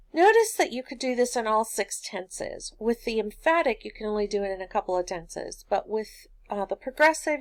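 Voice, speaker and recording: A woman giving a grammar lesson at an unhurried, measured pace, patient and methodical, building each point from simple everyday examples. Her voice sits at a middle pitch and is recorded close and dry, with almost no room sound. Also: no echo. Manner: patient, explains step by step with homely examples. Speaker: teacher.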